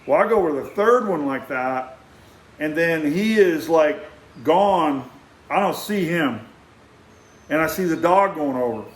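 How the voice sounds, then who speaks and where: An older man, telling a rambling personal story in an animated way, acting out sounds and often restarting his sentences. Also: fairly high pitch, a little slow, reverberant.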